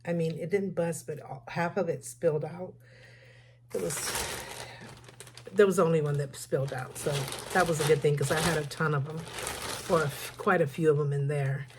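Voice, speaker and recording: A woman's voice: low voice, steady tone, moderate pace, noisy background. An older woman chatting casually in a shopping haul vlog, rambling and correcting herself as she shows what she bought. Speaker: haul vlogger.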